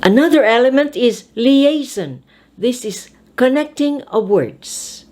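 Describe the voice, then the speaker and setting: A woman teaching English pronunciation, speaking with deliberate, emphatic enunciation. She talks at a very slow pace. Her pitch swings widely up and down as she stresses each word. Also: animated, darkish tone. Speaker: speech teacher and host.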